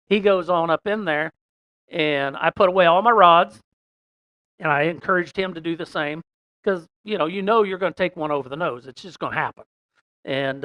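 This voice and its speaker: A man telling a long fishing story in a casual, folksy way, rambling with many "and, uh" pauses. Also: on the high side, pushed and bright, no room sound. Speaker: podcast guest telling a story.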